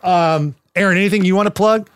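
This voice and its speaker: Smooth, slightly high-voiced male podcast host. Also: fairly quick, no room sound. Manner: laid-back, rambling, jokey. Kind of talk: casual chat.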